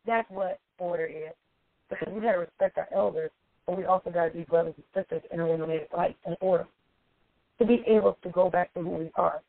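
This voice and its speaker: Gravelly woman preaching self-love, tinny sound. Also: on the low side, fast, no room sound. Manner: emphatic, preachy, repeats points for effect. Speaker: life coach. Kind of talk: motivational self-help monologue. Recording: tinny phone-like dry sound.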